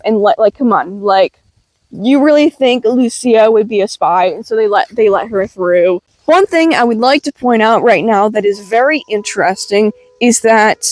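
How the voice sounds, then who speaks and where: A woman's voice: mid-range voice, unhurried, no echo, faint music behind. A young woman casually recapping a comic in a chatty way, full of "like" and casual swearing. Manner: chatty, swearing, filler-heavy "like". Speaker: webcomic reviewer.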